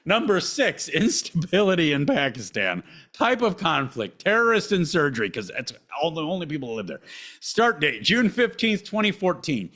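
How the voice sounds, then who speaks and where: Male podcast host, sarcastic, swears a lot, lively swinging pitch, slightly high voice. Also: moderate pace. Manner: blunt, sarcastic, swears often, reads lists aloud with asides. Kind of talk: profane casual commentary.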